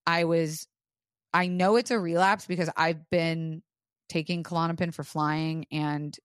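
A woman hosting a podcast, recorded close on a studio mic with a dry sound. Her voice sits on the low side. She talks frankly and profanely, with "like" all through her story. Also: fairly even intonation, measured pace, clear, resonant tone, no echo. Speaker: podcast host. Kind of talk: casual chat.

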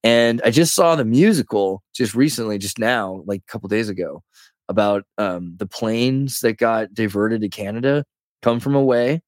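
A man's voice: on the low side, moderate pace, no echo. Rambling man in his thirties, dry sound. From California. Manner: rambling, animated storyteller who says "dude" and "like". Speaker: podcast guest. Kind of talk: casual conversation.

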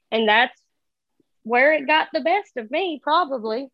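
Casting: high-pitched woman, animated and profane storyteller, dry dull recording. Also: a little slow, no room sound. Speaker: guest telling a story. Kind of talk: casual storytelling chat.

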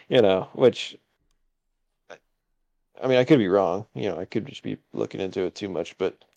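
A man's voice: on the low side, measured pace, vocal fry, pauses often, darkish tone. A man co-hosting a casual sports podcast, talking hesitantly with many fillers and chuckling asides. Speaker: podcast co-host.

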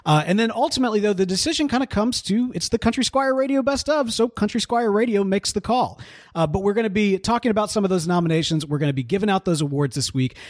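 Male podcast co-host, fairly high voice, very animated delivery, dry close sound, playful and quick to laugh. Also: no room sound. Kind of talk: casual chat.

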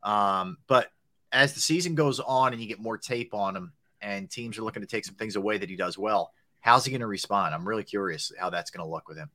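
Sports talk cohost guy, real bright sharp voice, thinks out loud. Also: fairly low pitch, fairly quick. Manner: thoughtful, hedging with restarts. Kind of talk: casual sports chat.

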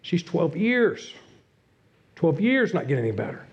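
A middle-aged man preaching a sermon as pastor, earnest, dropping to a hush and rising again. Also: on the high side, very animated, unhurried. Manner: earnest, swings from loud to hushed. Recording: dull lo-fi sound.

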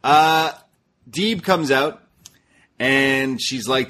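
Low-voiced man recapping wrestling casually. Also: moderate pace. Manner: animated retelling, acting out quoted lines. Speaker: podcast co-host.

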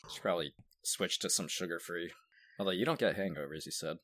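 A man with a very low voice, easygoing in casual podcast banter and quick to curse. The sound is close and dry. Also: no echo. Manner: laid-back, swears freely, bursts into loud outbursts. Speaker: podcast co-host.

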